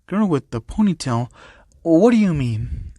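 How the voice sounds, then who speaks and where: A man voicing a patient, fatherly school principal with a calm, measured manner. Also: fairly high pitch, husky, dry recording, clean studio sound, heavily acted.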